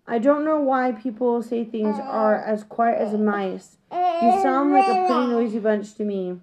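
Young boy, earnest, plain sincere storybook voice, woman reading it, fairly high. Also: animated, unhurried, darkish tone.

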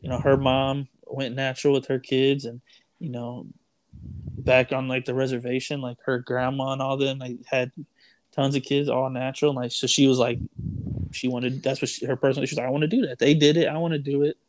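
A man's voice: medium pitch, little pitch movement, fairly quick, dry recording. A young man telling a story in casual chat, rambling with lots of "like", "dude" and "bro". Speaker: storyteller guest.

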